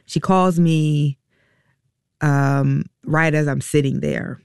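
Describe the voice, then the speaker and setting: A woman with a gravelly, creaky voice tells a painful personal story in an interview. She speaks haltingly and reflectively, pausing and restarting often, and sounds close to tears. The recording is dry and close, with no room sound. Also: low voice, fairly even intonation, darkish tone, no echo. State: emotional, near tears. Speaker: interview guest, a mother.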